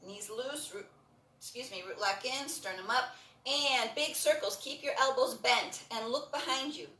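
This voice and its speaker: A woman leading a breathing and stretching class, giving calm, encouraging cues and repeating them often. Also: a little high, moderate pace, distant mic. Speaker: breathing and movement instructor. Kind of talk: guided exercise instruction. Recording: roomy sound from off the mic.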